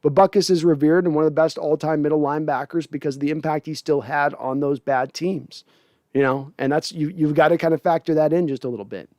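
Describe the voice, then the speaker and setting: A man's voice: on the high side, fairly even intonation, a little fast, darkish tone, no room sound, clean studio sound. A man hosting a casual sports livestream, reading viewer comments aloud and answering them conversationally. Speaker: sports podcast host.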